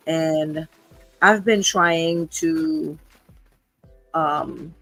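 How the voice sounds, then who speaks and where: A woman's voice: sits low, unhurried, fairly bright tone, faint music behind, poor audio. Woman, fifties, hosts her own live show off the cuff; earnest, emotional, circles back on her words. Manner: emotional, earnest, repeats herself. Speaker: podcast host. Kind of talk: unscripted livestream talk.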